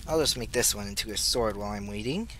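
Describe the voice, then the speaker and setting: A man doing let's play commentary, talking to himself as he plays and bursting into excited squeals. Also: lowish voice, fast, slight background noise. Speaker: gaming channel host.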